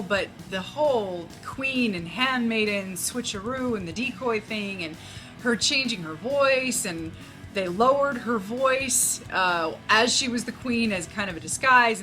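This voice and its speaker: A woman co-hosting a casual film review, chatty and prone to exasperated rants. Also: a little high. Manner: chatty, gets loud and exasperated when ranting. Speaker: movie reviewer co-host.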